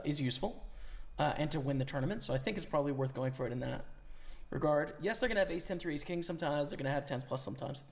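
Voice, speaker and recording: A young man chatting casually with his stream chat and thinking aloud about poker hands, his voice worn from talking. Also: on the high side. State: losing his voice. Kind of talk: live-stream commentary.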